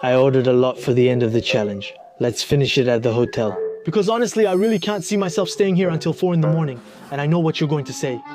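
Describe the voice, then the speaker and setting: A young man narrates his food challenge vlog, tired and stuffed, making fun of himself with dramatic complaints. His voice sits a little high for a man. Clear music runs behind him the whole time. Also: expressive, quick pace, few pauses. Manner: joking, self-mocking, dramatic complaints. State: tired, overfull. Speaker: vlogger.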